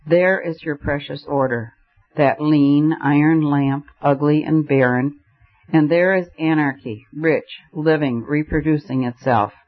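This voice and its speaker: A man's voice: fairly high pitch, unhurried. A man reading the part of an intense, fiery young male poet who declaims his ideas dramatically, on a slightly muffled recording. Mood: declaiming.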